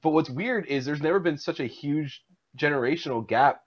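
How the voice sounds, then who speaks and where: A man's voice: fairly high pitch, moderate pace. A man co-hosting a live show, chatting with lots of fillers and addressing the viewers directly. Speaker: show co-host. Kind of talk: casual live show chat. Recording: dull lo-fi stream audio.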